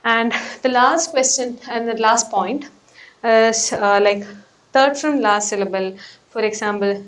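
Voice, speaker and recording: A woman teaches a test lesson, walking through pronunciation rules. Her voice sits a little higher than most, and she explains off the cuff, pausing on fillers and rephrasing as she goes. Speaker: PTE coach.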